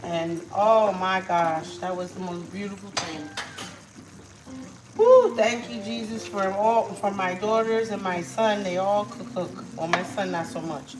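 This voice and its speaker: A woman's voice: medium pitch, expressive, measured pace, over music, rough recording. A middle-aged woman hosting a live cooking stream from her home kitchen, chatting casually with viewers as she cooks.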